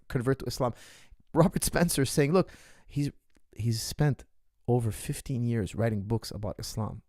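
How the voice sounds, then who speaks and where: A man's voice: mid-range voice, dry recording. Emphatic man on a dry mic. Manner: emphatic, repeats phrases for stress, swings loud and soft. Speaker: martial arts coach hosting a Q&A. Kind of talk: casual opinion monologue.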